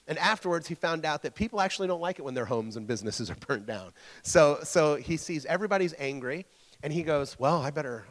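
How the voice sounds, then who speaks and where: A man's voice: on the high side, a bit bright, long reverb tail. A man preaching a casual sermon to a church group. He stumbles over his words, repeats himself and keeps checking in with the listeners.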